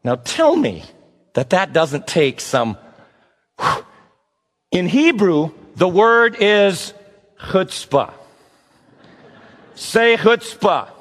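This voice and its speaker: A man with a high, bright-toned voice delivers a lively sermon, slipping into acted-out dialogue as he tells his stories. His words ring with the long reverb of a big hall in front of a live audience. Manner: animated, acts out dialogue, talks to the audience. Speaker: preacher. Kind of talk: sermon with storytelling.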